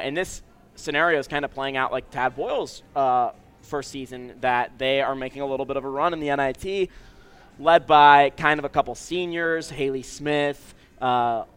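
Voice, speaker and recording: A man's voice: medium pitch, clean tone. A man co-hosting a casual sports podcast from a tavern, talking in a joking, offhand way. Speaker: podcast co-host.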